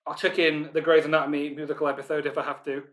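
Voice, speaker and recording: Hosting a pub quiz live online, a Northern English man talks with a forceful, bright, slightly high voice in a level tone. He chats loosely with plenty of ums, and reads every question out slowly, then says it again.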